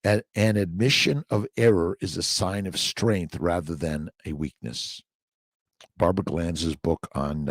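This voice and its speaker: A man's voice: low-pitched, breathy edge, no room sound. Rambling older man, dry close sound. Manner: rambling, reads viewer comments aloud, emphatic repetitions. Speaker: livestream host. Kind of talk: casual morning livestream chat.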